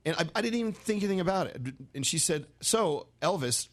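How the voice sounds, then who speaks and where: A male radio host talking fast in loose, casual studio banter. His pitch jumps around with animated energy, and he keeps his stories chatty and moving. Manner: chatty, storytelling, quick and animated. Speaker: radio morning show host.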